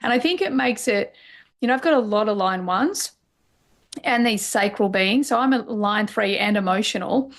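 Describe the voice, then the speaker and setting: A woman's voice: mid-range voice, expressive, moderate pace. A middle-aged woman coach, a podcast guest, sharing personal stories openly and emotionally, with lots of fillers. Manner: open and emotional, many fillers. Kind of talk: candid personal conversation.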